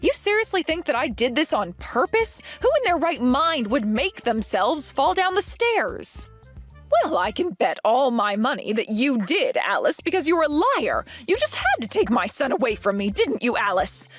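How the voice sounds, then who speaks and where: A woman's voice: sits high, sing-song, normal speed, faint music behind. A woman voicing a possessive, domineering middle-aged mother who speaks in an accusing, indignant way. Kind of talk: story narration drama.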